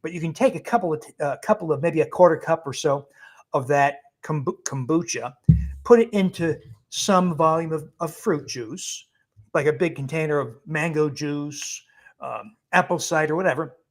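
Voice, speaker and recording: A man, a physician guest, answering viewer questions in a live Q&A, explaining in a brisk, emphatic way with frequent chuckles and blunt dismissals of bad advice. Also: on the high side.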